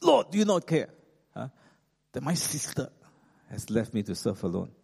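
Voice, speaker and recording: A man's voice: lowish voice, lively intonation, moderate pace, vocal fry, mellow, husky, voice pushed down, exaggerated voice. A man voicing a distraught woman host who pleads with a raised, agitated voice, in an echoey hall. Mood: agitated pleading.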